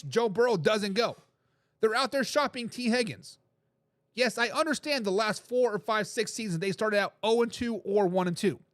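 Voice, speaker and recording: A man's voice: high-pitched, a bit bright, no echo, clean studio sound. A man hosting a casual sports talk show, reading out viewer comments, repeating his points with emphasis and laughing between remarks.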